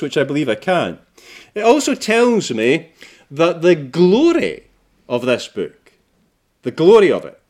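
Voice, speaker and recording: A man preaching a sermon, swinging between loud emphasis and hushed, low passages.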